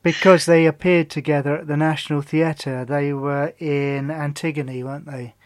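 Man, casual chat, dry, upbeat, slightly high. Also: steady tone, moderate pace. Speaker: podcast co-host.

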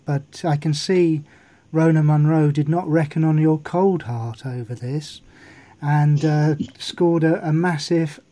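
Guy with dry teasing humor, slightly high mellow voice. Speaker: podcast co-host. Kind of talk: casual review chat.

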